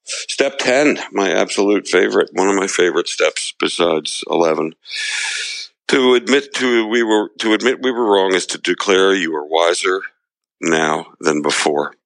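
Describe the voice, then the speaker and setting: A man with a very low, gravelly voice co-hosts a podcast in casual conversation. He rambles through stories and laughs often. The sound is close and dry. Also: moderate pace, a bit bright, no room sound, rough recording. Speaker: podcast co-host. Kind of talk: casual chat.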